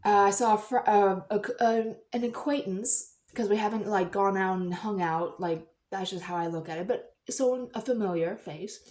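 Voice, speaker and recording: A woman vlogger telling a personal story in a chatty, rambling way, breaking into loud excited bursts. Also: mid-range voice, moderate pace, few pauses.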